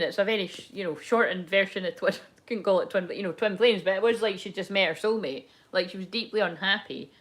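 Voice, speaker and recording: A young woman talking through a tarot reading in a loose, rambling way. She swears freely, breaks into laughter and drifts between thoughts. Her pitch sits mid-range for a woman. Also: fairly bright tone. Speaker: tarot reader. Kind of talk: casual live tarot chat.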